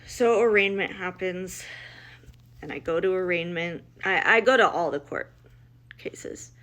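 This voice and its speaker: This middle-aged mother's voice sits on the low side, a bit bright and a little slow. She shares her family's story emotionally and bluntly, quoting people in acted dialogue and making many restarts.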